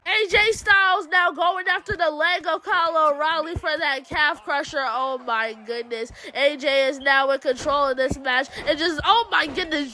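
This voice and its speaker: A woman hosting a gaming channel, giving excitable play-by-play commentary over a wrestling video game in casual slang, often exclaiming in surprise. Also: very high-pitched, a little hiss or hum, low-quality recording.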